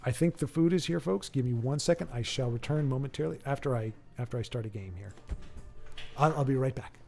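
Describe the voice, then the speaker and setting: A man's voice: mid-range voice, fairly quick, gravelly, mellow, soft background music. A man hosting a game live stream, chatting casually in a joking, rambling way.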